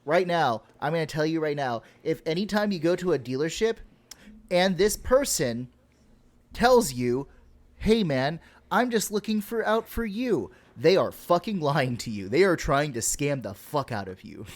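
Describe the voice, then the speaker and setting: A man's voice: fairly high pitch, animated, moderate pace. A man from Texas co-hosting a podcast, ranting and swearing casually with laughs. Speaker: podcast co-host.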